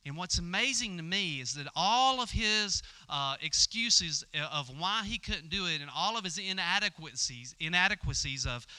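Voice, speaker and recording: A man's voice: high voice, lively intonation, normal speed, few pauses, pushed and bright, clear, resonant tone. A male pastor giving a conversational sermon, telling the story and acting out the dialogue with stammers and fillers.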